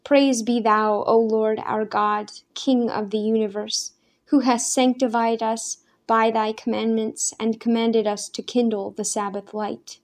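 A woman reading the part of an uneasy young man who speaks haltingly, staying close to her own voice. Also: on the high side, little pitch movement. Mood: reverent. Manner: stammering, faltering. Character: uneasy, hesitant young man returning home.

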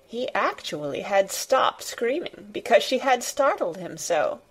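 A woman narrating a classic children's storybook in a measured, deliberate way. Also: fairly high pitch, sing-song, slightly rough. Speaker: reader. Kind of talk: audiobook narration.

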